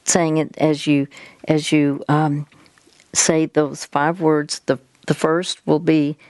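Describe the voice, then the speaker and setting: A woman's voice: low-pitched, flat delivery, takes it slowly, darkish tone, no room sound. A woman hosting an advice talk, patiently guiding a caller step by step. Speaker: host giving faith-based advice.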